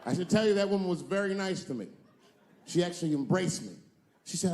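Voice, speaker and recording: A man's voice: sits high, fairly quick, a little mellow. A male stand-up comedian telling stories in a profane, conversational way with punchy emphasis.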